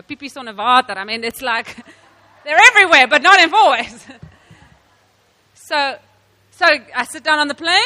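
High bright woman preaching to the sisters, animated and laughing, big echoey hall. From South Africa. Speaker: women's ministry speaker. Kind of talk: sermon to women.

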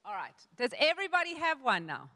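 A woman's voice: sits high, wildly swooping pitch, quick pace, sharp tone, long reverb tail. A woman pastor giving a sermon to a congregation, telling a personal story with frequent restarts and quoted asides. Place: church hall.

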